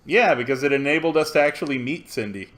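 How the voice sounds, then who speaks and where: A man's voice: on the high side, animated, fast, a crowd in the background. A man hosting a casual podcast chat, laughing often, restarting and repeating his words, and swearing casually.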